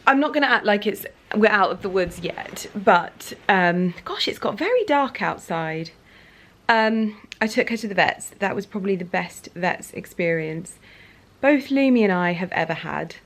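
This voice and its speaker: A woman's voice: mid-range voice, expressive, moderate pace, a bit bright. A woman chatting casually to camera as a vlogger, talking in an emotional way with plenty of fillers and restarts. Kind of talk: casual vlog chat to camera.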